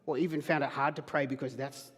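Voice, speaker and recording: A man's voice: medium pitch, flat delivery, fast talker, breathy edge, long reverb tail, faint music behind. A man preaching a sermon as pastor, emphatic, acting out quoted questions. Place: church hall.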